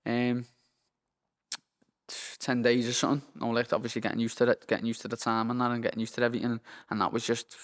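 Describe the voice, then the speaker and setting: A young man with a Liverpool accent, a professional boxer chatting as a guest in a rambling, sweary way and saying "lad" constantly. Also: mid-range voice. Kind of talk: casual interview chat. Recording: long hall reverb.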